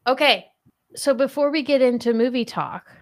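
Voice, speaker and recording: A woman's voice: high-pitched, normal speed. A woman hosting a casual podcast chat and running a playful quiz, laughing often. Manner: giggly, chatty, laughs often. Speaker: podcast host.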